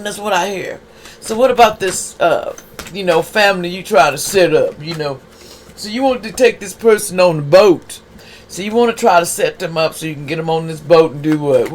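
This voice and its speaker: Under a faint background hiss, a tarot reader with a high voice talks at a moderate pace. His casual, streetwise reading is addressed directly to the viewer and packed with rhetorical questions.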